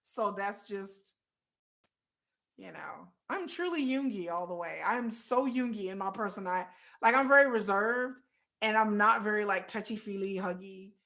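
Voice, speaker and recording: Blunt, bright-voiced woman chatting candidly. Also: mid-range voice, normal speed. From United States. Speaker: livestream host. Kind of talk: casual livestream chat.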